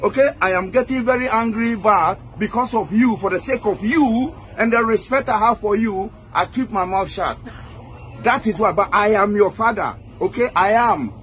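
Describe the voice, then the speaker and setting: A man's voice: high voice, normal speed, a bit bright, soft background music. A man, making an insistent public statement and ending his lines with "okay?". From Ghana. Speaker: man claiming to be a footballer's father.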